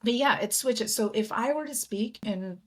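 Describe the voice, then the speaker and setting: A woman from India, a guest in an interview, telling stories in an animated way and acting out the voices of people she quotes. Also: a little high, normal speed, husky. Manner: animated storyteller who acts out quoted voices. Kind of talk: conversational interview.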